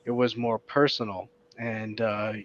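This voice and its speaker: A man in casual chat, searching for words with many pauses and fillers. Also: fairly low pitch, little pitch movement, fairly bright tone, lo-fi sound, slight background noise.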